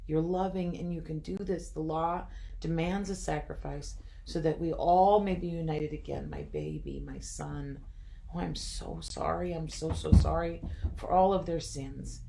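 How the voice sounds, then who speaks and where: A woman's voice: lowish voice, steady tone, moderate pace, warm tone, slight background noise, natural voice. A woman reading the lines of the Holy Spirit as a motherly figure who urges and comforts with a cracking voice. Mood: tender. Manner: firm, then breaking with emotion.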